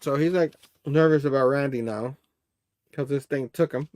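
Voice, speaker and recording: A man's voice: mid-range voice, moderate pace, a little mellow, dry recording. A man hosting a casual comic book review. He rambles, laughs often and reads the characters' dialogue aloud.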